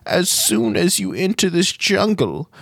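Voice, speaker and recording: A man's voice: high voice, big pitch swings, measured pace, vocal fry, a bit bright, slightly rough, dry recording, pitched above the performer's own voice, exaggerated voice. A man voicing a tiny, cheerful, cryptic old male gnome wizard in a tabletop game, with a quavering, sing-song, teasing manner. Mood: ominous.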